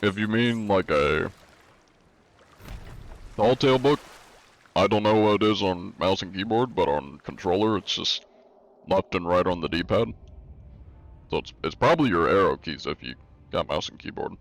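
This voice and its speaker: A man's voice: sits low, expressive, normal speed, pauses often. A man streaming a game live in a casual, laid-back way, reading chat aloud, answering it and using many "uh" fillers. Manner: frequent "uh" fillers.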